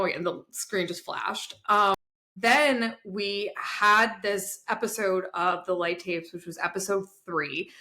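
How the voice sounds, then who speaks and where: Animated woman podcaster, bright tone. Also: mid-range voice. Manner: animated storyteller, quick laughs. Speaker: podcast co-host. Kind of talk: casual chat.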